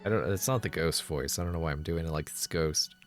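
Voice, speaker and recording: A man's voice: very deep voice, brisk, faint music behind. A man hosting a horror game playthrough, reading its text aloud and muttering dry asides. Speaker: let's play host.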